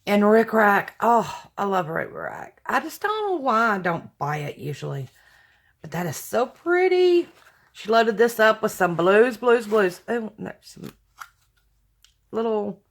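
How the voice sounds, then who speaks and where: A woman unboxes a craft package for her viewers in an unhurried, drawn-out way. She gushes and exclaims over each piece and keeps thanking the sender. Her voice sits at an ordinary middle pitch. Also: big pitch swings. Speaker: craft vlogger opening mail. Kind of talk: casual unboxing chat to viewers.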